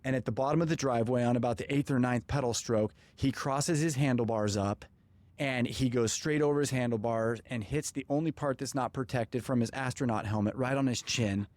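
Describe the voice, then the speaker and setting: A man hosting a podcast, telling a personal story in an animated way and acting out the dialogue. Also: medium pitch, fairly quick. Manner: animated, acts out quoted dialogue. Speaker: podcast host. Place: podcast studio.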